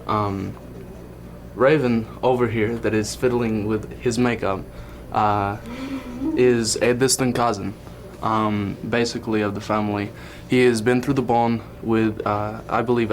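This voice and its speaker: A young man with a Kentucky accent talks hesitantly, stopping often on fillers. His voice is low and flat, from a noisy archive documentary clip. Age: young adult. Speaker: documentary interviewee.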